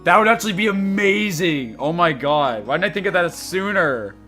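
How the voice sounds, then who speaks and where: A man's voice: high voice, animated, normal speed, pushed and bright, faint music behind. A man hosting a let's-play, giving giggly, crude, rambling casual commentary.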